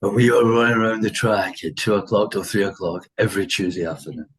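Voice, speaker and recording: A man's voice: lowish voice, steady tone, quick pace, poor audio. A man in his sixties with an English accent, a former footballer telling dressing-room stories in a casual interview, full of laughs and quoted voices.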